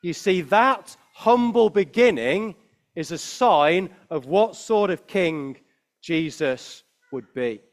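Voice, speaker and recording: A man giving a lively children's talk at a Christmas service, asking the children questions as he preaches. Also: sits high, slow pace.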